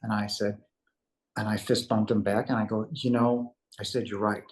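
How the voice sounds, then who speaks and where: A man with a lowish voice speaks at a moderate pace in a level tone as a guest recounting his near-death experience. He tells this personal spiritual story casually, rambling earnestly and acting out the dialogue.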